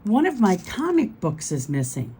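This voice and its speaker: A woman's voice: medium pitch, wildly swooping pitch, normal speed, dark tone, slight background noise, voice pushed up. A woman reading the lines of a worried young boy, urgent and alarmed. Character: worried young boy who lost his comic.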